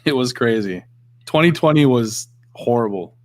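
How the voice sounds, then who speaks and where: A man's voice: medium pitch, lively intonation, moderate pace. A man who is a guest on a casual chat show, joking around and laughing easily.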